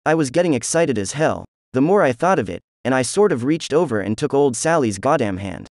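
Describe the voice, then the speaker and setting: A man's voice: mid-range voice, lively intonation, a little fast, few pauses, a little mellow, no room sound. Man narrating a novel, dry close sound. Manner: conversational, wry first-person telling. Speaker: audiobook narrator. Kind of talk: first-person novel narration.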